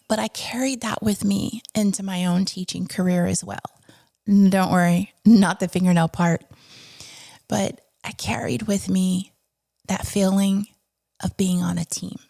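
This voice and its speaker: A woman's voice: medium pitch, moderate pace, gravelly, a little mellow, no room sound, clean studio sound. A woman hosting an education podcast, telling a personal story in a chatty, earnest way with asides to her listeners.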